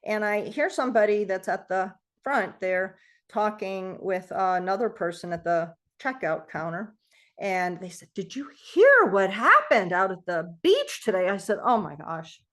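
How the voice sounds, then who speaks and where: A middle-aged woman telling a personal story to a group, animated and acting out the voices of the people in it. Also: mid-range voice, unhurried. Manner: animated storytelling, acts out quoted voices, laughs often. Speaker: guest speaker on self-healing.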